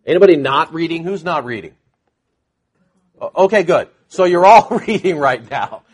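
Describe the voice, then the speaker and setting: A man's voice: fairly high pitch, animated, moderate pace, husky. A man teaching the Bible to a live group in a conversational, sarcastic way, with mocking asides.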